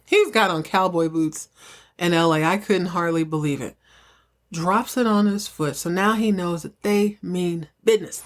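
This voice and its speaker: A young woman with a slightly low voice talks through a soap episode in a loose, chatty podcast style. She is playful and quick to add her own asides. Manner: chatty, playful, acts out characters' lines in higher voices. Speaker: podcast host recapping a TV soap. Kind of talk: casual solo recap, acting out quotes.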